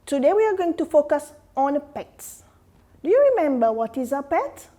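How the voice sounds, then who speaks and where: A woman teaching an English vocabulary lesson to young students, explaining slowly and asking them questions. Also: high voice, very animated, warm tone. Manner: slow, explaining, asks questions to the class. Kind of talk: classroom lesson addressed to students.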